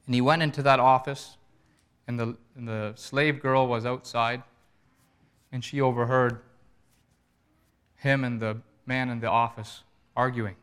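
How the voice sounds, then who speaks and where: Man, preacher, sermon, earnest pleading delivery, bright tense voice. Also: mid-range voice, fairly even intonation, a little slow, long pauses, smooth.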